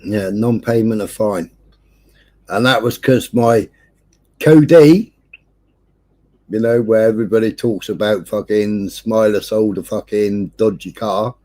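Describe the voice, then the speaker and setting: An English man hosting a livestream spins a long story in casual chat, swearing constantly and lively as he acts out the voices of the people involved. His pitch is fairly low, and he speaks unhurriedly with long pauses.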